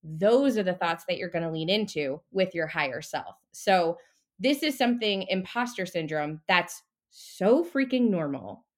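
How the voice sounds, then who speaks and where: Animated woman coaching on a podcast. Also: fairly low pitch, unhurried. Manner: animated, casual, mildly profane. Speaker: mindset coach guest. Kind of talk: casual podcast interview.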